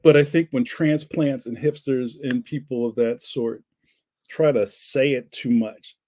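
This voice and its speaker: A man's voice: medium pitch, steady tone, a little slow, a little mellow. A man, hosting a livestream and chatting casually through viewer comments in a rambling, jokey way with frequent laughs. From Philadelphia, US. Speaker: livestream host.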